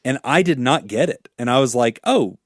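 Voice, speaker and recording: A man who works as a therapist, co-hosting a podcast and telling a story in a casual, animated way, swearing freely. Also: mid-range voice, fairly quick, no echo, studio quality.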